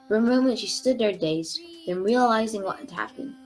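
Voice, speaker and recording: A woman reading a book chapter aloud in a measured, expressive way. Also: on the high side. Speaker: storybook reader.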